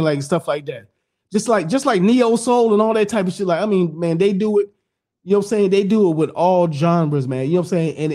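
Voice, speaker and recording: Middle-aged man, dark rambling chat. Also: high voice. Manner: rambling, repeats "you know what I'm saying", blunt and profane. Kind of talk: casual podcast chat.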